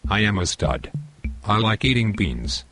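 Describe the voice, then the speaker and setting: A male text-to-speech voice playing a boastful, violent football hooligan, in a flat robotic delivery. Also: fairly low pitch, unhurried, soft background music. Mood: boastful threats.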